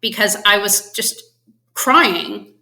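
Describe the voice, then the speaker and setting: A woman's voice: medium pitch, lively intonation, slow pace, bright, forceful tone, reverberant. A woman guest on a podcast, telling her career story in casual chat and acting out the quotes. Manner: chatty storyteller, acts out quotes with laughs. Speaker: podcast guest, finance executive.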